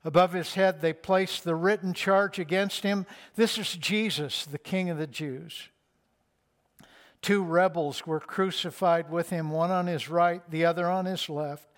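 A man preaching a sermon, reading scripture and then expounding it with slow, deliberate emphasis. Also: high voice, fairly even intonation. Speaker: pastor.

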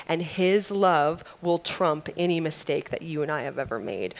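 Woman preaching a devotional, earnest, lowish voice, drops soft for emphasis. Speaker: women's ministry speaker. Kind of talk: devotional sermon.

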